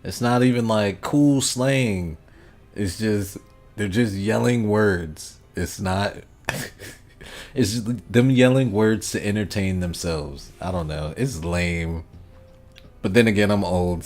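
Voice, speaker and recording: Male streamer, deep and unhurried, laid-back rambling chat with frequent chuckles. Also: a little mellow. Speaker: gaming livestreamer. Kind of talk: casual chat reading out viewer comments.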